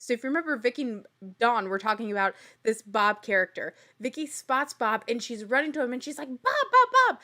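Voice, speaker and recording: Sarcastic, animated woman recapping a show. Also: a little high, a little fast, hardly any pauses. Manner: animated, sarcastic, laughs often, acts out quotes. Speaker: podcast host recapping a reality show. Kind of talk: casual rewatch recap chat.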